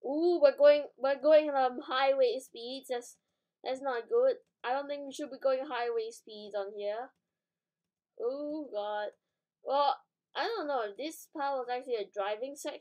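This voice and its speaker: Rambling young-sounding woman gamer, fairly high. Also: unhurried, a little mellow, rough recording. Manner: rambling, self-correcting, thinking aloud; startled outbursts. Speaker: gaming channel host. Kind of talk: casual gameplay commentary.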